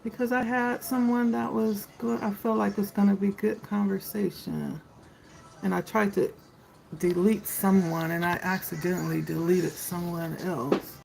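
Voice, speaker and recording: A woman's voice: medium pitch, fairly even intonation, measured pace, gravelly, a little mellow, slight background noise, rough recording. A woman hosting a live tarot stream, chatting casually and greeting viewers by name.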